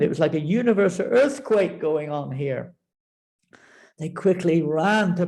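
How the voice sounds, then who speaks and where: A man teaching a spiritual class, telling a sacred story in a vivid, animated manner. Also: a little high, moderate pace, creaky.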